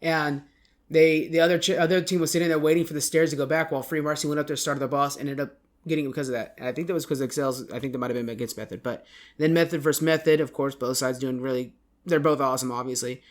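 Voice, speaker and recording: A man's voice: a little high, steady tone, fast. A man hosting a casual podcast, rambling through an esports recap and often correcting himself. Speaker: podcast host.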